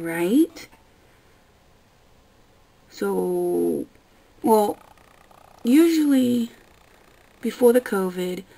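A woman's voice: mid-range voice, vocal fry, mellow, slightly rough, rough recording. A young woman vlogger ranting casually about annoying customers at work, exasperated and sarcastic, swearing often and acting out what customers say. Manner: acts out customers in quoted voices.

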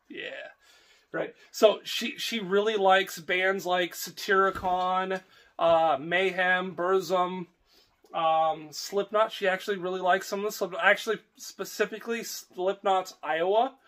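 A man's voice: high voice, fairly bright tone. A young man talking casually to camera in a homestead vlog, rambling with fillers and restarts. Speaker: homestead vlogger.

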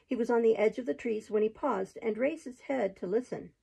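A woman hosting her own show, reading a storybook aloud in a steady, even narration. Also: fairly high pitch, a little fast, vocal fry, breathy edge, poor audio.

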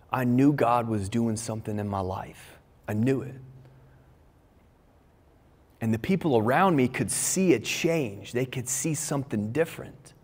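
A man preaching a sermon as a pastor, talking conversationally and telling personal stories with frequent restarts. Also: mid-range voice. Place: church stage with large crowd. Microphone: stage microphone. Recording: long hall reverb.

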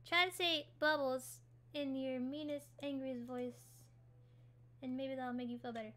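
A woman with a high, bright voice hosts a casual gaming livestream. She chats and giggles easily, answering her viewers while she plays. Her tone stays light and sharp throughout. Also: steady tone, moderate pace. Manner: chatty and giggly, reacting to chat while building. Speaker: livestream host.

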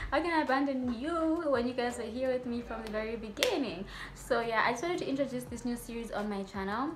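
A woman's voice: a little high, expressive, fairly quick, background noise. A young adult woman, a medical student vlogger, talking to her viewers in a chatty, rambling way with playful asides. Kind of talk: casual vlog talk to viewers.

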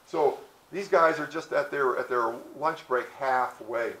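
A man's voice: medium pitch, a little slow, fairly bright tone, roomy sound, rough recording. A man giving a history talk outdoors, telling stories in a folksy way and acting out the characters. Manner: storytelling, folksy, acts out characters with hesitations. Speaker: presenter.

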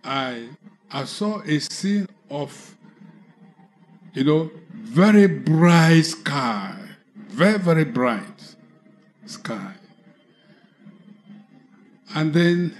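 A man preaching with a Nigerian English accent, telling a personal conversion testimony slowly, with halting restarts. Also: fairly high pitch. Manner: slow, halting storytelling with restarts. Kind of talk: testimony sermon.

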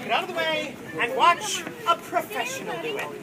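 A man performing as a bossy dockworker in an outdoor comedy skit, projecting loudly and ordering his partner around over the crowd. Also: extremely high pitch, sing-song, normal speed. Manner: loud, bossy, projecting to an audience. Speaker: street performer playing a dockworker boss. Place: outdoors at a busy public venue. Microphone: handheld camera at a distance. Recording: loud crowd and street noise, distant camera.

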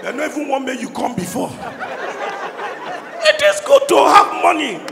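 A man doing stand-up in Nigerian Pidgin, his voice pitched high and rough with fry. He shouts his punchlines across a large, reverberant hall. A crowd laughs and cheers behind him. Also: huge pitch swings, normal speed. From Anambra State, Nigeria. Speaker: stand-up comedian. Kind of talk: stand-up comedy. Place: live comedy show in a large hall. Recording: echoey hall, crowd noise.

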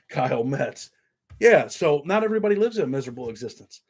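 A man's voice: mid-range voice, very animated, a little fast, husky. A man hosting a casual livestream, rambling and swearing while reading viewer comments aloud. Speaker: show host.

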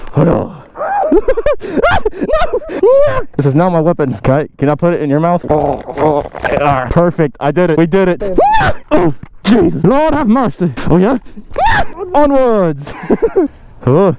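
A man's voice: on the high side, big pitch swings, a little slow, pauses often, noisy background. A man vlogging to camera as a biker, goofy and joking, laughing often. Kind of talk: casual chat to camera.

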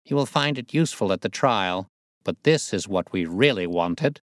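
A man's voice: on the low side, moderate pace, no echo, clean studio sound, close to an everyday voice. A man voicing a cool, curt detective. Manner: curt and clipped, calm. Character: sharp, cool-headed male detective. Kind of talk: audiobook reading.

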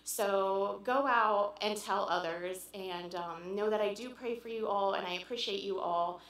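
A Pennsylvania woman in her forties, a visiting churchgoer, gives an informal, earnest and heartfelt talk to the congregation in a church sanctuary. Her medium-pitched, warm voice pauses often with "um," and the room sounds echoey.

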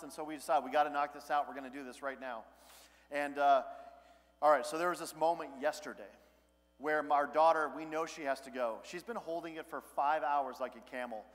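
A man's voice: fairly high pitch, fairly even intonation, fast, fairly bright tone. A man in his thirties, a pastor giving a conversational sermon with personal stories and self-deprecating humor. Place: large church sanctuary. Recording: long church hall reverb.

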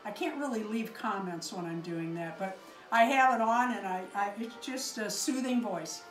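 A woman's voice: mid-range voice, moderate pace, roomy sound, faint music behind. A woman hosting a doll channel, chatting casually as she unboxes gifts and gushes over each one. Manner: gushing, exclaims over each gift.

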